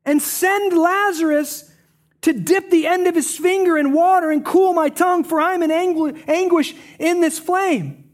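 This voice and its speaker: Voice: extremely high pitch, steady tone, unhurried, voice pushed up. A preacher voicing a proud rich man in hell who pleads for water while still giving orders. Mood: pleading.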